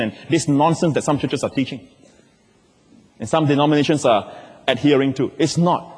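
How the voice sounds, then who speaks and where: A man's voice: a little high, brisk, darkish tone, husky. A male pastor preaching emphatically to his church, asking the congregation questions and repeating key words. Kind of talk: sermon. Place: large church. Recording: long hall reverb.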